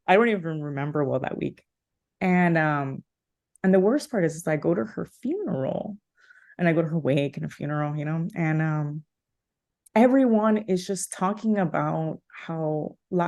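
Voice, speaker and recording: A woman's voice: lowish voice, a little mellow. A woman in her thirties, a podcast guest, telling a personal story with heartfelt emotion, many fillers and restarts.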